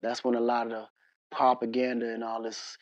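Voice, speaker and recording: A man as an interview guest, telling casual, animated stories full of slang and laughter. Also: mid-range voice, fairly quick, no echo. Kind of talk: casual storytelling conversation.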